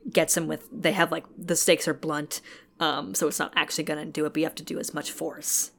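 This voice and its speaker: Low, laid-back woman co-host, casual book talk, swears freely, lots of fillers. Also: little pitch movement, a little fast, vocal fry, a bit bright. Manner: casual, swears, laughs often, heavy "like" fillers. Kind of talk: casual chat recapping a novel.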